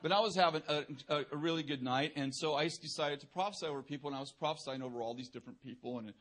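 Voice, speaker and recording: A man's voice: on the high side, rapid-fire, a bit bright. Man preaching with self-mocking humor. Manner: humorous, self-deprecating, laughing through anecdotes; casual, conversational, filler-heavy. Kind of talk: sermon with personal storytelling.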